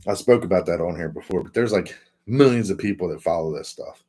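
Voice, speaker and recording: At home indoors, a man hosts a casual livestream, reading viewer comments aloud and chatting in a laid-back, rambling manner. His voice sits low with a warm tone, and he talks fairly quickly.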